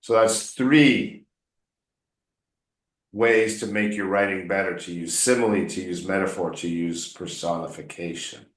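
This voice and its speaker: A man's voice: low-pitched, unhurried. A man coaching English one on one, patiently explaining words and drilling pronunciation by repeating them. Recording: roomy echo.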